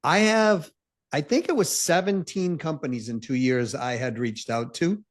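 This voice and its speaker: A man's voice: fairly high pitch, normal speed. A man speaking as a guest in a casual interview, emphatic and full of fillers. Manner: emphatic, full of "like" and "you know".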